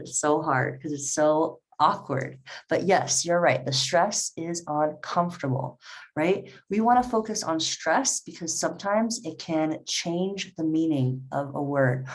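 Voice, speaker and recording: A woman teaching a live online English class, reading out learners' comments and encouraging them. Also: lowish voice. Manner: encouraging, reads chat comments aloud.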